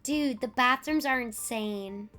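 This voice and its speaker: A woman's voice: fairly high pitch, slow, sharp tone, soft background music. A young woman streamer chatting and joking as she reacts live, with frequent fillers.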